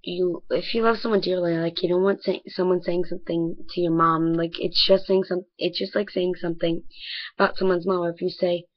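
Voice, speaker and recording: A teenage girl vlogging casually in a rambling way, full of fillers and often dropping to a soft near-whisper. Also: fairly low pitch, steady tone, a little fast, highs cut off. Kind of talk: casual bedroom vlog.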